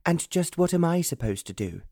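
In an audiobook, a spirited, headstrong young lady of the aristocracy speaks with brisk, teasing self-assurance, as a male narrator puts her on. Her voice is mellow and warm, recorded dry and close. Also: mid-range voice, lively intonation, dry recording, natural voice. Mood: indignant.

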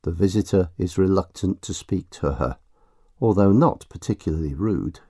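A low, mellow male voice reading a storybook aloud at a leisurely pace. His pitch moves widely and expressively, and the sound is dry and close to the mic. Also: moderate pace, husky, dry recording. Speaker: narrator. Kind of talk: storybook narration.

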